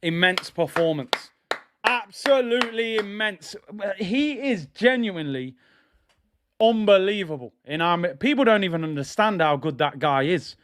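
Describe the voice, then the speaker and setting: Excitable high-voiced football watch-along host. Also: male voice, unhurried. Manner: excitable, shouts at big moments, taunts opponents.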